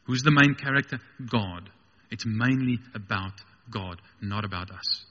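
A man delivers a sermon, his voice bright and a little breathy. He swings from quiet reflection up to emphatic, ringing peaks. The sound is a dull radio broadcast with a long, hall-like reverb. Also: lowish voice, unhurried. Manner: passionate, rising to emphatic peaks. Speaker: preacher.

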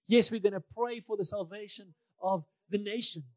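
High-voiced man preaching conversationally. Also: normal speed, darkish tone, dry recording. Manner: conversational, repeats phrases for emphasis. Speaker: pastor. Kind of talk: sermon.

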